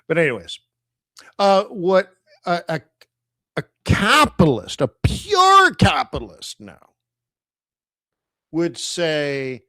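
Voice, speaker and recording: A man's voice: on the high side, sing-song, measured pace, pauses often, a bit bright, dry recording, studio quality. A man hosting a live trading stream, talking casually in a rambling, conversational way and chuckling often. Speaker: forex trading livestream host. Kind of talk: casual livestream commentary.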